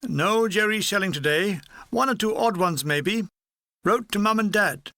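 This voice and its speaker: A man reading his own war memoir aloud in a dry, wry, deadpan manner. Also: sits high, a little slow, no room sound. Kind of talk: audiobook reading.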